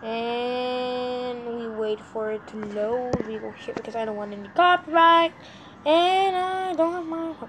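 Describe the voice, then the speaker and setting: High-voiced sleepy woman rambling. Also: unhurried, noisy background. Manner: rambling, easily frustrated, talks to viewers. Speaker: vlogger. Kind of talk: casual screen-recording commentary.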